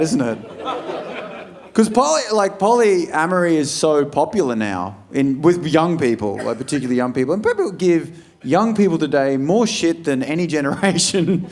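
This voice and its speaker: A middle-aged Australian man doing a crude, blunt stand-up comedy set, slipping into high put-on voices when quoting people. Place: large comedy venue before a live crowd. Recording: live stage recording with crowd laughter. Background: audience laughter.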